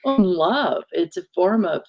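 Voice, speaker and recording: A woman minister co-hosting a talk show, speaking in a halting, emotional way and searching for words as she shares a personal story. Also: fairly low pitch, animated, dull audio. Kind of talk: casual heartfelt conversation.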